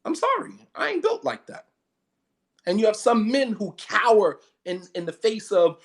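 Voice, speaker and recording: A man's voice: very high-pitched, huge pitch swings, moderate pace. A man preaching an impassioned sermon, blunt and emphatic, repeating his points and laughing between lines. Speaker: Islamic preacher.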